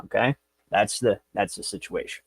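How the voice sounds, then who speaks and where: Gravelly man lecturing on a livestream. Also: on the low side, moderate pace, no echo. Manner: brash, profane, rambling. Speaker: show host.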